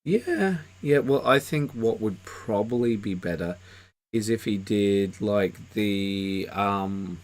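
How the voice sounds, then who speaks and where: A man's voice: on the low side, takes it slowly. A man with a sick voice chatting casually on a live stream, rambling with many fillers and restarts. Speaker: co-host reviewing miniatures.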